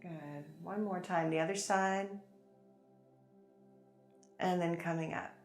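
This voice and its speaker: A woman teaching a chair yoga class, gently guiding breaths and movements with encouragement and light laughs. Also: lowish voice, steady tone, takes it slowly. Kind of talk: guided yoga class instruction. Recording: echoey room with soft music. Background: soft background music.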